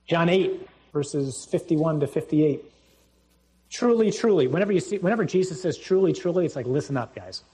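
A man preaching a sermon, reading scripture aloud and explaining it in a conversational way, with sudden jumps in pitch and loudness for emphasis. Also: fairly quick, poor audio.

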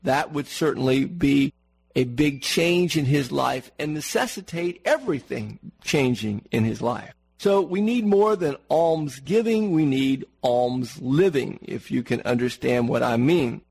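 A man's voice: mid-range voice, animated, measured pace, gravelly, a little mellow, breathy edge, poor audio. A man preaching a sermon in an earnest manner, repeating words for emphasis and asking the congregation questions.

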